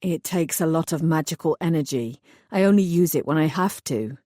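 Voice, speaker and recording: A woman voicing a kind, protective male fairy who speaks quietly and earnestly in an audiobook. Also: sits low, expressive, moderate pace, no echo, studio quality. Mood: calm.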